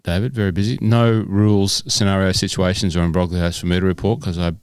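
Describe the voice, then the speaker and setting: A man's voice: low voice, little pitch movement, fast talker, a little mellow, clear, resonant tone, no room sound. Rambling Australian man hosting a podcast. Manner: rambling, chatty with many fillers. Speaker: podcast co-host. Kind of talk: casual chat.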